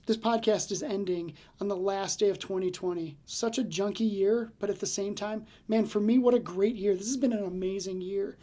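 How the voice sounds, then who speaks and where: A man's voice: sits high, dark tone. A man hosting a casual devotional podcast, telling stories in a chatty way with many fillers and restarts. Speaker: podcast host and ministry leader.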